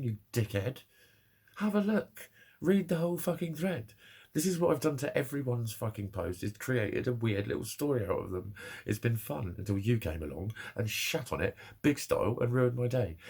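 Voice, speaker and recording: A man's voice: on the low side, darkish tone, husky. A man ranting angrily to camera about an online argument, swearing often and repeating himself in an agitated way. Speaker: vlogger. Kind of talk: angry personal rant to camera.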